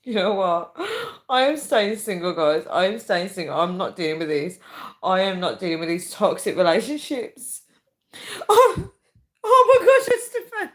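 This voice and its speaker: A woman's voice: on the low side, expressive, moderate pace. Casting: young woman, chatty livestream host, breaks into shrieking laughs. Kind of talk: casual livestream chat reading comments.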